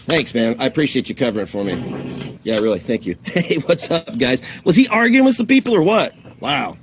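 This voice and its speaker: A man's voice: medium pitch, very animated, moderate pace, pauses often, a little hiss or hum. Furious ranting man on a livestream. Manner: heated, swearing, swinging from shouting to muttering. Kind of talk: angry livestream rant.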